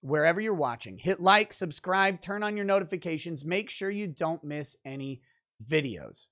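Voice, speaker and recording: Man, lawyer, legal commentary, conversational, emphatic, slightly high voice. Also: animated, normal speed, a bit bright. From central Minnesota, United States. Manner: conversational, emphatic, thinks aloud while reading rulings.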